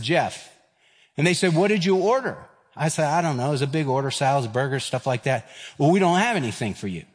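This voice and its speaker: A man, preaching a sermon and telling stories, acting out the voices of the people in them. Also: mid-range voice. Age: 50s. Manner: animated, acts out quoted voices. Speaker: pastor. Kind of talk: sermon with storytelling. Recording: long reverb of a large hall.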